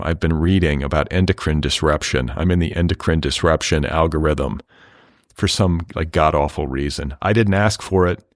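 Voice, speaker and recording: A middle-aged man hosts a podcast with a rambling, wry, offhand monologue that keeps drifting into profane asides. His voice sits very low. The recording is close and dry, with no room sound around him. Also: no echo. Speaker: podcast host. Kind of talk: casual monologue.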